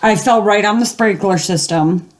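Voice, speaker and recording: Speaking at a normal pace in a mid-range voice, an older woman who hosts gaming videos tells a lengthy story casually from home. She wanders along with filler words and performs the voices of the people she's quoting.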